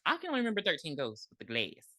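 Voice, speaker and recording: A woman co-hosting a podcast, recapping a movie in blunt, profane, animated casual chat. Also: low voice, rapid-fire, dry recording, studio quality. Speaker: podcast co-host.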